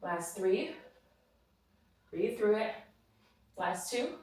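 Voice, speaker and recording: A woman's voice: mid-range voice, lively intonation, very slow, darkish tone. A woman out of breath, leading a follow-along Pilates class with encouraging cues and counted reps. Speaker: Pilates instructor. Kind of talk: follow-along workout cueing. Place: studio with reformer machine. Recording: roomy echo, mic at a distance.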